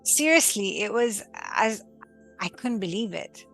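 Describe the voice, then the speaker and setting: A woman's voice: mid-range voice, animated, unhurried, fairly bright tone, soft background music. A woman hosting a podcast interview, chatting casually and exclaiming with enthusiasm. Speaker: podcast host.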